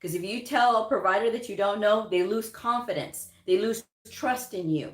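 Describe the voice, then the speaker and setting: On a casual live chat on her channel, a woman hosts and gives career advice about medical coding, speaking emphatically, repeating her points, and chuckling often. Her voice is mid-range at a normal speed, and the recording has a roomy echo with a bit of hiss or hum.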